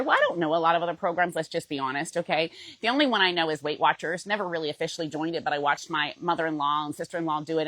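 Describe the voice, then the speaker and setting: Husky, emotional woman coach. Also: on the low side, a bit bright, dry recording, poor audio. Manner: emotional, says "okay?" often. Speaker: fitness program coach. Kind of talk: heartfelt direct-to-camera pitch.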